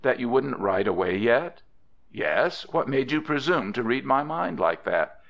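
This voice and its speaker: A man's voice: mid-range voice, very animated, measured pace, creaky, fairly bright tone, lo-fi sound, voice pushed up, heavily acted. A man voicing a proud, wary young woman who asks strained, guarded questions in an audiobook.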